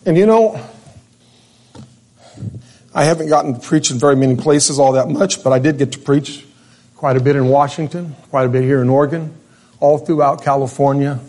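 A man preaching a sermon to a congregation in church, telling a personal story with feeling and slowing down to stretch out the key words. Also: medium pitch, darkish tone. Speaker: pastor. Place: church service before a congregation.

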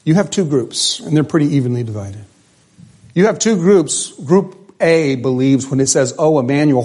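Male pastor, casual sermon delivery, voice a touch high, quizzes the congregation. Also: darkish tone. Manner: conversational, asks the congregation questions.

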